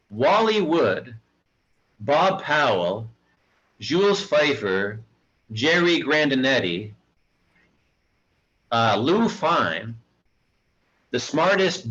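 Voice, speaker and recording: A man's voice: mid-range voice, a bit bright. A man co-hosting a podcast, chatting casually about comics in a blunt, opinionated way and often stopping to say um or restart a sentence. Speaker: podcast co-host. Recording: dull lo-fi audio.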